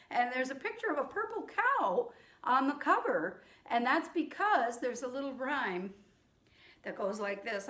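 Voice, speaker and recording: Middle-aged woman, music teacher type, high and unhurried, talking kindly to little kids in an echoey room. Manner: gentle, slow and patient, addressing young children. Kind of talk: children's sing-along lesson.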